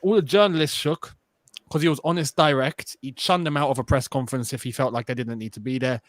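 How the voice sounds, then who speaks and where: A man's voice: mid-range voice, fast, no room sound. A young man co-hosting a casual football chat, emphatic and opinionated. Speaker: podcast co-host.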